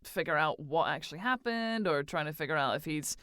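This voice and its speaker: A woman's voice: deep voice, expressive, brisk, fairly bright tone, no echo, clean studio sound. A woman co-hosting a podcast, talking casually about a horror film, hesitant and fond of saying like. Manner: hesitant, uses "like" a lot, laughs easily. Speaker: podcast co-host.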